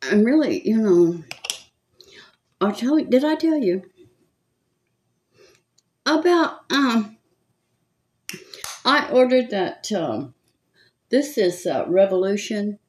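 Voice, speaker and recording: Chatty older Southern woman, lively voice. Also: medium pitch, slow, long pauses. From California. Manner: chatty, gossipy, rambling with frequent laughs. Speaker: makeup vlogger. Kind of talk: casual chat while doing makeup.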